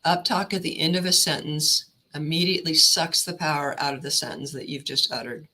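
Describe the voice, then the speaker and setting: Woman career counselor, presenter, bright tense tone, even instructive delivery. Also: deep voice, brisk, poor audio.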